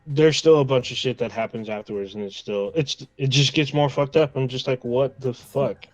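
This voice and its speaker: A man's voice: mid-range voice, fairly quick, no echo, faint music behind, rough recording. A man co-hosting a podcast in casual chat. He rambles, swears freely and retells scenes along with his own quoted reactions. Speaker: podcast co-host.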